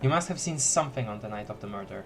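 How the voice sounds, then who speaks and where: A man's voice: fairly low pitch, lively intonation, very fast, vocal fry, over music. A man streaming a story game, reading dialogue aloud with lots of giggles and playful repeated words.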